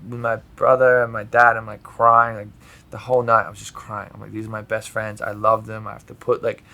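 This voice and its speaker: Bright punchy guy on a podcast, swears a lot, animated, says like constantly. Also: fairly low pitch, fairly quick, creaky. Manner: animated, swearing, laughs often, fillers like "like". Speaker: podcast guest. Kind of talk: casual storytelling chat.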